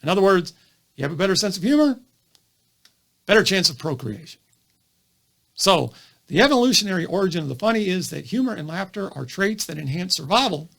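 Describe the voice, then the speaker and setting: An animated male doctor lectures straight to camera, his fairly high voice swinging up and down as he fires off rhetorical questions. A gravelly fry runs under his words, and he keeps a lively, explaining tone throughout. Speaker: physician lecturing on comedy. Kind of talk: educational video monologue.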